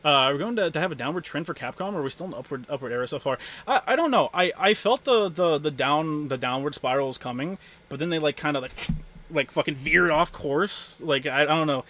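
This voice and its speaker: A man's voice: fairly high pitch, lively intonation, fairly quick, fairly bright tone. A man streaming live and ranting to his chat, heated and full of profanity, often stumbling over restarts as he gets worked up. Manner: stammering restarts when worked up. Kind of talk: casual livestream rant to chat.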